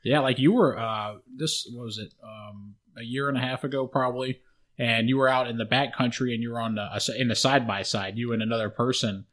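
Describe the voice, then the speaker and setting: A man's voice: mid-range voice, fairly even intonation, a little fast, a bit bright. A man co-hosting a casual chat, swearing freely as he urges his guest to tell his story. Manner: profane, egging on the storyteller. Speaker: co-host.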